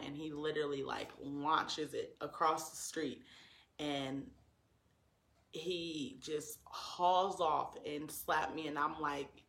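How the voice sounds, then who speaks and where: A man's voice: fairly high pitch, vocal fry, sharp tone, reverberant. A man telling a personal story to his viewers in an earnest, emotional way, full of likes and ums.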